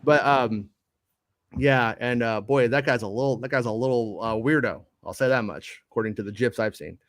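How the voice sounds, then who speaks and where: A man's voice: medium pitch, moderate pace, no echo, clean studio sound. A man hosting a casual live show, reading viewer comments aloud in a rambling way, with lots of stammered restarts and self-deprecating asides. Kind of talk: casual live-stream chat.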